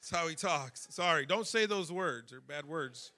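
Bright high-voiced man preaching a sermon. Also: animated, normal speed. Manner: emotional, rising to shouting fervor.

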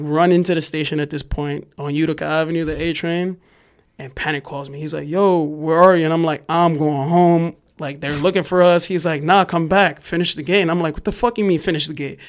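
A young man from New York telling a wild story in a casual chat, animated and profane, acting out the shouting cops. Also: fairly high pitch. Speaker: podcast guest, graffiti writer.

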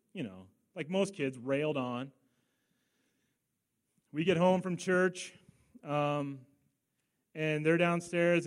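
Middle-aged male pastor with a fairly high voice, mid-sermon, animated storyteller with quick asides.

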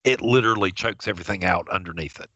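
A man's voice: low-pitched, fast talker, pushed and bright, no room sound, muffled recording. A man co-hosting a casual chat. He is earnest and opinionated, and he often restarts his sentences.

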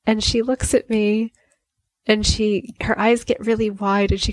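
A woman's voice: medium pitch, little pitch movement, measured pace, dry recording. A woman in her forties hosting a solo podcast as a life coach, telling a family story and acting out the dialogue. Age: 40s. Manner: warm storytelling, acts out dialogue.

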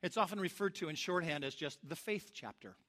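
A man delivers a sermon in a high, bright voice. He tells his stories with animated energy and acts out the lines of the people in them. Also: brisk. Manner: animated storyteller, acts out shouts and quotes. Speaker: pastor. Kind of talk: sermon with storytelling.

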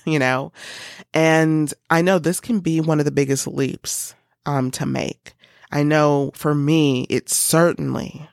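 A woman's voice: low voice, no room sound, studio quality. A woman hosting a coaching podcast, talking earnestly and loosely with many fillers. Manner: earnest, loose, full of "you know" and "um". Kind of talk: encouraging podcast monologue.

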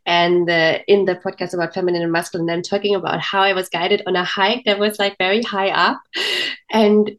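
A woman's voice: lowish voice, fairly even intonation, a little fast, muffled recording. A woman podcast host sharing personal stories in casual conversation.

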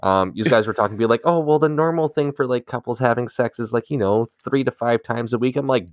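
A man's voice: mid-range voice, brisk, no echo. A man from Canada, co-hosting a podcast and telling raunchy stories in loose, laughing casual chat. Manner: bawdy, storytelling, laughing often. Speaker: podcast co-host.

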